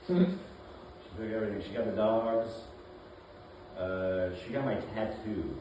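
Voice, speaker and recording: A man performing a deadpan stand-up set in a comedy club, halting with many fillers. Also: fairly low pitch, noisy background. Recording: roomy club sound from a distance, audience laughter. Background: audience laughing.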